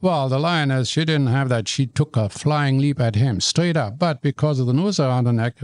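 Animated older man. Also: mid-range voice, moderate pace, dry recording, clean studio sound. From Germany. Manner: animated storyteller, stumbles and repeats words. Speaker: guest. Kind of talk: storytelling in conversation.

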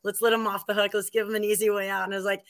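A woman's voice: medium pitch, flat delivery, racing. A woman guesting on a casual podcast, gushing and rambling, with lots of fillers and restarts. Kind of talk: casual conversational interview.

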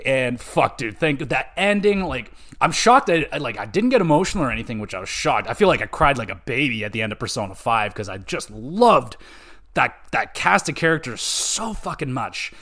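A young man hosting a podcast, rambling excitedly and cursing freely as he reviews a game. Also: mid-range voice, moderate pace. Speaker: podcast host. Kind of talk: casual game review chat.

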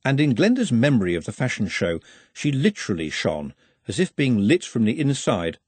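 An audiobook narrator, male, reads scripted narration with expressive storytelling. His mid-range voice is husky and paced at normal speed, recorded dry.

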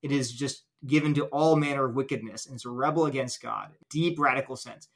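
A man's voice: mid-range voice, fairly quick. A man as an interview guest, earnestly explaining an argument step by step with illustrations. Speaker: guest apologist.

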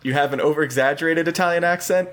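A man's voice: fairly high pitch, fast talker, fairly bright tone. A young man co-hosting a podcast, making dry, sarcastic quips about a movie. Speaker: podcast co-host. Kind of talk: casual movie discussion.

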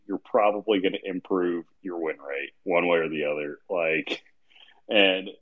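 A man's voice: low voice, narrow, tinny audio. A man hosting a casual online group chat, rambling and laughing often as he tells stories. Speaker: host of a live audio chat room.

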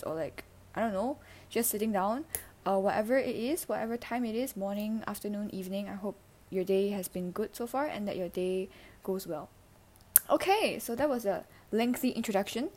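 Teen girl, podcast host. Mid-range voice, halting and emotional confessional delivery with lots of fillers. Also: medium pitch, a little mellow. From Singapore. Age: teens. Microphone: handheld mic.

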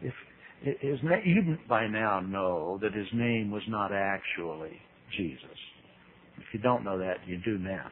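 A man teaching the Bible in a humorous sermon, telling stories with big leaps in pitch and acting out quotes in voices. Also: lively intonation, measured pace. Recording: tinny radio broadcast with faint hiss.

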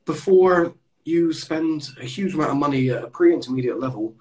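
Lively British man hosting a podcast. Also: a little high, normal speed. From United Kingdom. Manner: animated, swears, mocks posh speech. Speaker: podcast host. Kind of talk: casual chat.

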